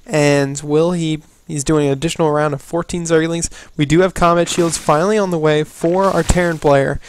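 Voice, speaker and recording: Rambling, slightly high-voiced male game caster. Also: fairly even intonation, normal speed, clean tone. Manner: rambling, restarts, habitual "we do see" phrasing. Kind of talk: casual live game commentary.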